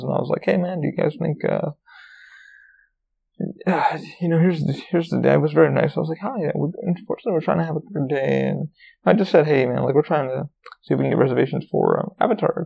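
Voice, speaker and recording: A man with a very gravelly, dark voice rambles through a casual story, swearing freely and filling gaps with ums and you-knows. His voice sits a little high for a man, and the recording sounds dull and lo-fi. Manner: rambling, profane, full of fillers. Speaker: podcast host.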